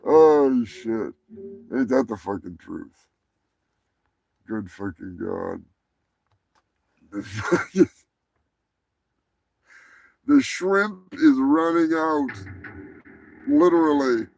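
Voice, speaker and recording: A man's voice: medium pitch, animated, very slow, gravelly, pauses often, a little mellow, no room sound, poor audio. A man hosting a live show, ranting about odd animal news with lots of swearing, rambling asides and laughter. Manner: profane, rambling, laughs mid-sentence. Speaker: show host. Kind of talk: live comedic news rant.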